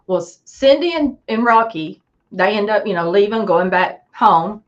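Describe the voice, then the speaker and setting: A woman's voice: mid-range voice, moderate pace, dull audio. A woman guest on a podcast, telling a story in casual chat and acting out the people she quotes.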